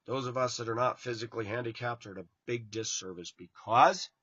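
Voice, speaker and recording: Blunt, preachy man, bright lo-fi. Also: medium pitch, a little fast, husky, no room sound. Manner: blunt, preachy, swings from loud to hushed. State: tired, yawning. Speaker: online preacher. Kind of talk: informal sermon to viewers.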